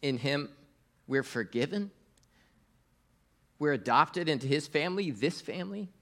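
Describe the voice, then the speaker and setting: A man's voice: on the high side, animated, unhurried, a bit bright. Man preaching a conversational sermon. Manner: conversational, with fillers and audience prompts. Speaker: pastor.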